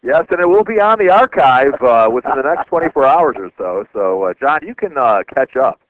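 A man's voice: mid-range voice, expressive. A man hosting a talk radio show, reading listener emails aloud with frequent "uh" fillers. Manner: halting, many "uh" fillers. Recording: dry phone-line sound.

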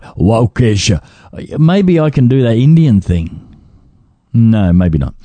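A man's voice: mid-range voice, warm tone, no room sound. A man co-hosting a ministry radio show, reading a list of donors and joking as he stumbles over names.

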